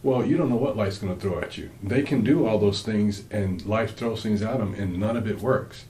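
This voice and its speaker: Deep-voiced earnest man in marriage talk. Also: normal speed, warm tone, echoey room, slight background noise, low-quality recording. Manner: earnest, rambling with restarts. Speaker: co-host, husband. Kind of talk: casual faith-based marriage talk.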